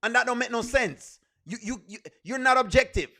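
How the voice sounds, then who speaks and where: A man commenting on a comedy skit in a reaction video. His voice sits high and sounds bright and forceful. He scolds emphatically and repeats himself for effect. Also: brisk.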